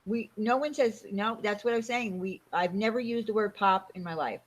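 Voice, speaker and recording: A woman with a New York accent hosting a casual chat over a video call, telling stories in a chatty, animated way. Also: mid-range voice, normal speed. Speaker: host.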